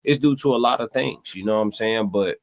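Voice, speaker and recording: A man's voice: on the low side, a little fast. A man hosting a live stream, talking casually to his chat in a loose, meandering way, repeating himself and searching for words. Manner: loose and meandering, many fillers and repeated phrases.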